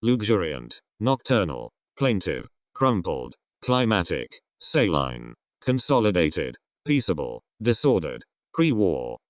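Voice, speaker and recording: Reading English vocabulary word by word, this man drops his pitch at the end of each isolated item the way one does in a list. He has a low voice with big pitch swings and a slow pace with few pauses, recorded in clean studio quality without room sound.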